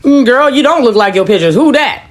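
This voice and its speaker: A woman's voice: on the high side, animated, fairly quick. A woman hosting a reaction video with blunt, teasing, snarky commentary.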